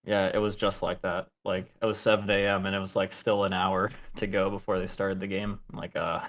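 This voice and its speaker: A man co-casting an esports match, calling the action with excitement and chatting casually in between. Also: sits low, fairly quick. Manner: excited play-by-play, easygoing in chat. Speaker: esports co-caster. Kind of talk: play-by-play commentary and casual chat.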